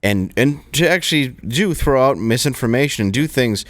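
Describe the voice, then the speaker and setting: A man's voice: mid-range voice, expressive, moderate pace, fairly bright tone, no room sound, studio quality. A man co-hosting a political chat show, talking casually and restarting as he builds his points. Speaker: co-host.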